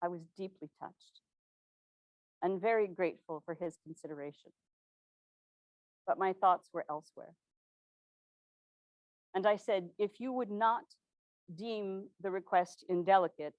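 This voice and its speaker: A woman's voice: fairly low pitch, dry recording, lo-fi sound, natural voice. A woman portraying an earnest 1860s governor's widow. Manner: formal, measured period diction. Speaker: living historian. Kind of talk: first-person historical portrayal.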